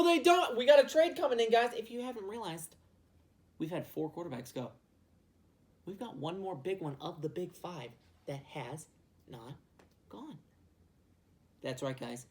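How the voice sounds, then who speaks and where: A woman hosting a casual football mock draft and talking in a profane, rambling, jokey way. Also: on the low side. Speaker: sports video host.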